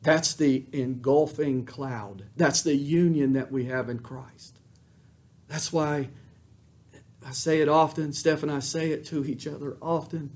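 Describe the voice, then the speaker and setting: A male pastor delivering a sermon in a fairly high voice. His delivery is fervent, building to loud emphatic peaks and then sinking to soft, hushed lines. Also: steady tone, moderate pace.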